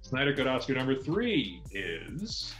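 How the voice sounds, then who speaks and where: A man's voice: mid-range voice, huge pitch swings, a little slow, a bit bright, reverberant, soft background music. A man co-hosting a film podcast, giving long, enthusiastic explanations in casual chat.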